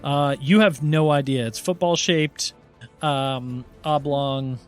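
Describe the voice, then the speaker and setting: A man's voice: mid-range voice, slow pace, clear, resonant tone, faint music behind. A man running a tabletop game as game master, narrating playfully and laughing easily.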